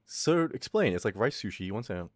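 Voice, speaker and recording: A young man streams and talks straight back to his chat. His pitch leaps up and down all over the place, and he swears and laughs loudly. The voice is close and dry, with no room sound. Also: fairly quick, no echo. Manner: loud, swearing, laughing, animated ranting. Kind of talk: casual stream chat reading chat.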